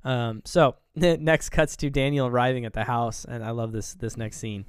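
A man chats through a movie's plot in a relaxed way, slipping into the characters' voices as he goes. His voice is smooth and clear, recorded close and dry with no room sound. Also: mid-range voice, moderate pace, dry recording. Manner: retells scenes acting out characters' lines. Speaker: podcast co-host. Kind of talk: casual movie recap chat.

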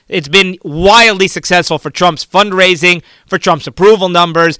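A man's voice: high voice, moderate pace, pushed and bright, clear, resonant tone, no room sound. A man hosting a political talk show, giving fervent, rambling commentary and often repeating and restarting his words.

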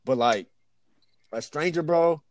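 A man in casual chat with friends, animated and slangy, saying bro a lot. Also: a little high, slow pace.

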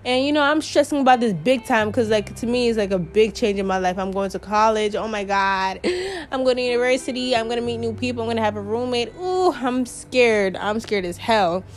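A woman's voice: on the high side, fairly even intonation, fast. A young woman, hosting her podcast in a rambling, chatty monologue, swearing and laughing often. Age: young adult. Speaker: podcast host. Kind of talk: casual monologue.

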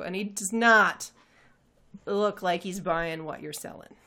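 A woman's voice: fairly low pitch, slow, bright, forceful tone. A woman narrating a tabletop game as game master, hesitant and full of fillers.

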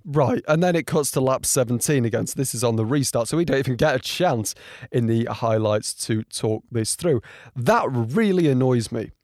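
A man giving casual reaction commentary on race highlights, rambling with frequent ums and getting indignant. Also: a little mellow, dry recording, clean studio sound. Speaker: motorsport commentator.

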